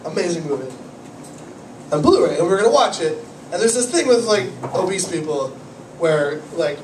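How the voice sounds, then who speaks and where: High-voiced rambling stand-up man. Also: moderate pace, pauses often. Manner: rambling, self-deprecating, swearing, animated. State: has a cold. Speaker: stand-up comedian. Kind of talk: stand-up comedy set. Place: small cafe comedy night, from the audience area. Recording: echoey cafe room, camera far off, audible noise.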